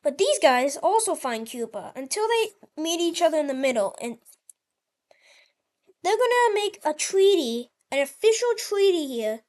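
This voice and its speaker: A woman talks through an imagined history of the world in casual, rambling narration, often restarting her sentences. Her voice sits high, and it leaps up and down animatedly as she goes. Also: sing-song, moderate pace, darkish tone. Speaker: channel host.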